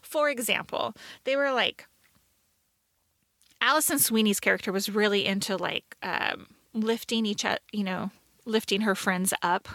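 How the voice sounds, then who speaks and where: A woman co-hosting a podcast in casual chat, talking fast and loose with lots of fillers and playful quoted asides. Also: medium pitch, fairly bright tone, dry recording, studio quality. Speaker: podcast co-host.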